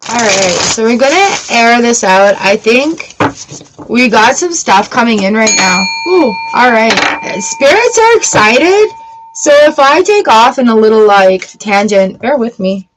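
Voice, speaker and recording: A woman's voice: a little high, sing-song, a little slow, background noise. A woman from Canada giving a live-streamed tarot reading, chatty and affirming, greeting viewers by name as she talks. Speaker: tarot reader.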